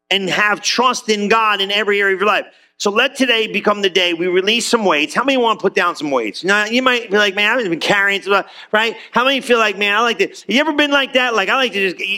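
Man, pastor, middle-aged, sermon in church, high-pitched, bright, conversational, animated. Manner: conversational and animated, acting out quoted voices. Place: church before a congregation.

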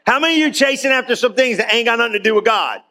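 Male pastor, high-pitched, loose joking sermon delivery. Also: rapid-fire, bright, forceful tone. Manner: casual, joking, talks straight to the congregation. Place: church.

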